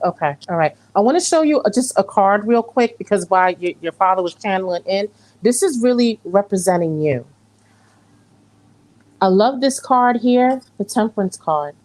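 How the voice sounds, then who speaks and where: A woman's voice: mid-range voice, expressive, normal speed, a little mellow, low-quality recording. Reassuring woman giving a psychic reading. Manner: reassuring, repeats phrases for emphasis. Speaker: tarot reader.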